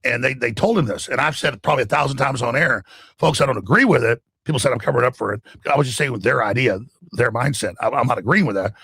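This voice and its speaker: A man with a gravelly, raspy voice delivering an emphatic, excited monologue as a talk show guest. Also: mid-range voice, quick pace, no echo. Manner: emphatic, acts out quoted voices.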